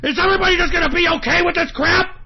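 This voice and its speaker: A man hosting an internet radio show, ranting angrily and profanely, often shouting, on a dull lo-fi recording. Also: very high-pitched, racing. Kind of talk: angry talk-radio rant. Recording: dull lo-fi sound.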